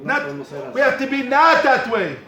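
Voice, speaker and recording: In a yeshiva study hall, a male teacher gives a Torah class, hammering his points home through repetition and calling on students by name. He speaks at normal speed in a very high, expressive voice. The recording echoes around the hall, with a crowd of students present.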